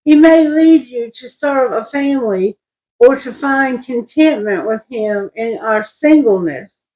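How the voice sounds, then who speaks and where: A woman's voice: a little high, expressive, a little mellow, low-quality recording. A woman tarot reader reading scripture aloud and musing on it in a loose, rambling way, often restarting her sentences. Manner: slow, rambling, self-correcting. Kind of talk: casual spiritual reading.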